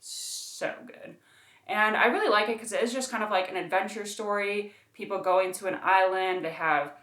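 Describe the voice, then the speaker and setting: A woman's voice: medium pitch, a little fast, a bit bright. A woman reviewing a book in her own room, chatting casually and emphatically with lots of fillers. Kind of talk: casual chat. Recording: roomy echo.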